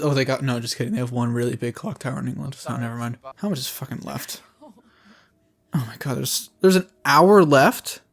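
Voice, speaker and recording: A young man giving excitable, profane reaction commentary while watching a film. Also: on the high side. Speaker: movie reviewer.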